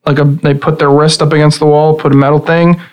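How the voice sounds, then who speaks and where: A man narrating a tabletop game as game master, in a relaxed, conversational way with small restarts. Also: fairly high pitch, brisk, lo-fi sound.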